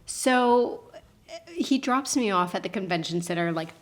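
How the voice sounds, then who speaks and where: A woman, a podcast guest telling a personal story with lively voice shifts for the people in it. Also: medium pitch, moderate pace. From Canada. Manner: acts out quotes with lively voice shifts and laughs.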